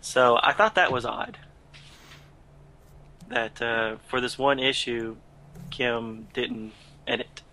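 Bright-voiced man in casual chat. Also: medium pitch, slow pace, vocal fry, pauses often, a little hiss or hum, low-quality recording. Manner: thoughtful, questioning, a few restarts. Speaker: podcast co-host.

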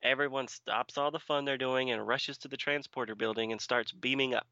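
A man's voice: mid-range voice, fairly even intonation, fairly quick, sharp tone, no echo. A man co-hosting a podcast, chatting casually with dry, teasing humor. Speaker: podcast co-host. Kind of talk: casual chat. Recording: slightly dull lo-fi sound.

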